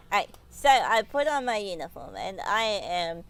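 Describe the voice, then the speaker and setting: A woman's voice: medium pitch, very animated, unhurried, pauses often. A woman streamer telling a story to her livestream, giggling often and rambling with many restarts. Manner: giggly, laughs often while telling stories.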